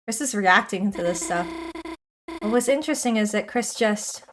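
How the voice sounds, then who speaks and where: Woman reading as shy Noelle, soft and hesitant. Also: medium pitch, moderate pace, a little hiss or hum, pitched below the performer's own voice, natural voice. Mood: uneasy. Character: shy anxious teenage reindeer girl. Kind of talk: reading game dialogue aloud.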